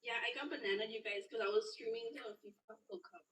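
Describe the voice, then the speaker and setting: A woman's voice: on the high side, fast, fairly bright tone, far from the mic. A woman from West Virginia with an Appalachian accent, a giggly, friendly guest chatting on a live stream. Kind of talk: casual live stream chat.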